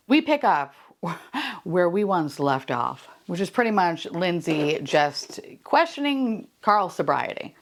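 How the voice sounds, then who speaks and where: Woman host, chatty beauty-vlog recapper, swears freely, slightly low voice with big swings in pitch. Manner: profane, animated, laughing storyteller. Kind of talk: casual recap while doing makeup.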